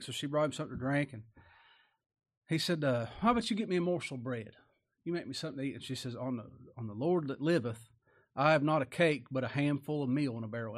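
Folksy preacher with tag questions. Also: male voice, mid-range voice. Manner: folksy, rhetorical tag questions, chuckles often. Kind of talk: sermon.

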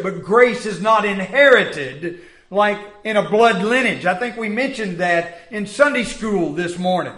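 A man preaching a sermon, acting out the voices of biblical figures and swinging from loud to hushed. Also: high voice, lively intonation, a little slow. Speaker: pastor. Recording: echoey room.

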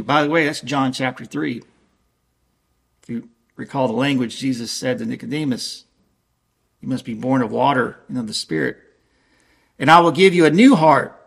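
A man preaching a sermon in an earnest, emphatic way, slowing down to stress quoted scripture. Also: a little high, fairly bright tone.

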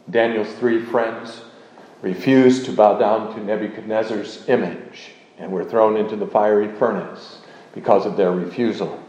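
A man teaches doctrine slowly and deliberately, with a lowish, mellow voice. The recording sounds dull and lo-fi. The room is echoey. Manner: measured, deliberate, with frequent uh fillers. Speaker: teacher of a confession.

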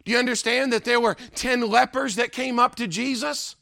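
Gravelly high-voiced emphatic preacher man. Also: fairly even intonation, normal speed, sharp tone, dry recording, clean studio sound. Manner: emphatic, rhetorical, repeats a refrain question. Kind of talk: sermon.

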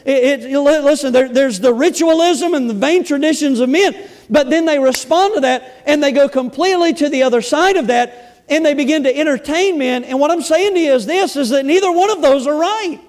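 A pastor preaching a sermon, emphatic, repeating words and stressing key phrases slowly and loudly. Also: male voice, very high voice. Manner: emphatic, repeats words, shifts between loud bursts and slow stresses.

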